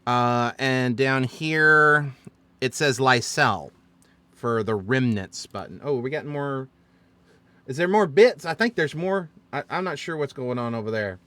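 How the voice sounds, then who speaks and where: Man, dungeon master, casual recap, bright tone, dry close sound. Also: medium pitch, measured pace, no echo. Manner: chatty, explaining with fillers and self-corrections.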